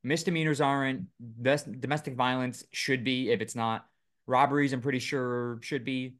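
A man's voice: medium pitch, steady tone, moderate pace, a bit bright. A man co-hosting a casual podcast, reading news items aloud with lots of fillers and joking asides. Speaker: podcast co-host. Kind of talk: casual chat.

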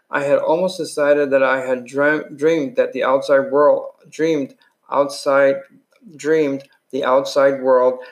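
A man reading a first-person novel aloud, his pitch sitting right in the middle for a man. His delivery is unpolished, with slips and restarts, like an amateur reading at home. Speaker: reader.

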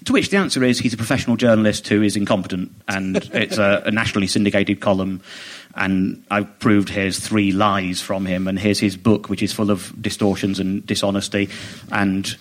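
A man, a comedian guest on a chat podcast, telling an animated, indignant story and mimicking other people as he goes. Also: on the low side, normal speed. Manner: animated, indignant, quotes others in mock voices.

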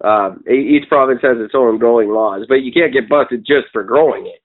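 A Canadian podcast co-host chats casually, blunt and opinionated, swearing freely and rambling with lots of ums. His mid-range voice sounds thin and tinny, like it's coming over a phone line.

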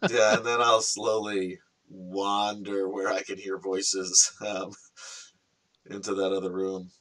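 A man's voice: low-pitched, level tone, takes it slowly, fairly bright tone. A man playing a tabletop game, describing his character's actions and laughing. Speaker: player.

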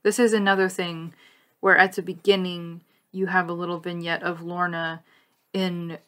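On a podcast she co-hosts, a woman with a lowish voice talks about a cartoon at a moderate pace. She's animated and conversational, with plenty of laughter.

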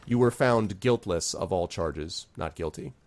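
A man's voice: low-pitched, a little slow. A man narrating as game master of a tabletop game, loosely, with many ums and uhs.

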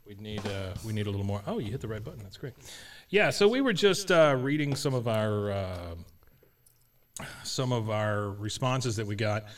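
A man hosting a podcast in casual chat, with dry, deadpan jokes. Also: fairly low pitch, normal speed, recorded from a distance. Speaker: podcast host.

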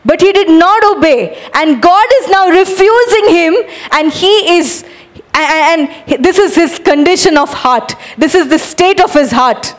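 Woman preacher, high voice, energetic and urging, sermon to a live congregation. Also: measured pace. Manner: energetic, urging the audience, animated demonstrations.

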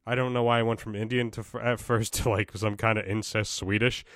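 A young man ranting on his own podcast, swearing freely and restarting sentences in exasperation. His voice sits fairly low. The recording is dry and close. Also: little pitch movement, a little fast, a bit bright, dry recording. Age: young adult. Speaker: podcast host. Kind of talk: casual ranting solo podcast.

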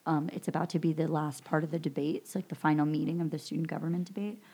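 Woman, low voice, casual podcast chat, rambling film recap, lots of "um" and "like". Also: steady tone, fast, mellow, slightly rough. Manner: rambling recap full of fillers and "like".

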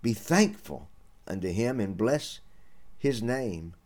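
A man's voice: lowish voice, animated, slow, a little mellow. Man, radio preacher, earnest and folksy sermon delivery. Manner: earnest, folksy, addresses listeners as friends. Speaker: radio preacher and podcast host.

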